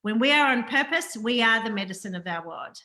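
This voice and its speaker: A woman's voice: on the high side, expressive, fairly quick, sharp tone. A woman hosting a spiritual interview, who speaks in an earnest, affirming way and repeats her phrases. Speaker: host. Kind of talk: spiritual interview, scripted intro.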